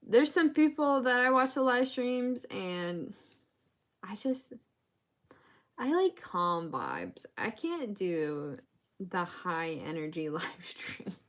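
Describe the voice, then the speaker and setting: A woman's voice: mid-range voice, big pitch swings, slow, a bit bright. A woman on a casual crochet live stream, counting stitches aloud and laughing between lines as she chats to viewers.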